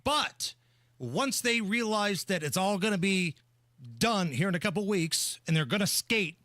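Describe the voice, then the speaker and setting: A man's voice: high-pitched, lively intonation, unhurried, pushed and bright, dry recording. A man hosting a talk radio show, giving emphatic, opinionated commentary into a studio microphone.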